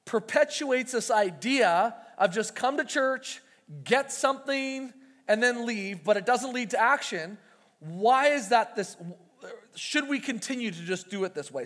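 High-voiced preacher man in a reverberant hall. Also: a bit bright. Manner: conversational, acts out quoted voices. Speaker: pastor. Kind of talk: sermon.

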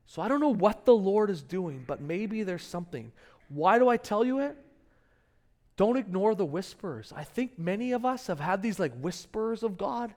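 A middle-aged man preaching a sermon as pastor, telling stories in a conversational way with lively rises in pitch and loudness. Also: moderate pace. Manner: conversational storytelling, animated rises in pitch and volume.

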